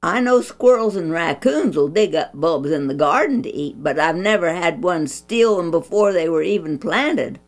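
Woman reading as a strict country mom, emphatic, lively pitch. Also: moderate pace, few pauses. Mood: amused. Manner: emphatic, scolding. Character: stern country mother, scolding then warm.

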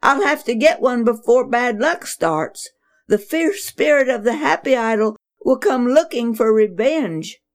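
A woman voicing a frightened village mother in a children's story, wailing in a high upset voice. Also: animated, unhurried.

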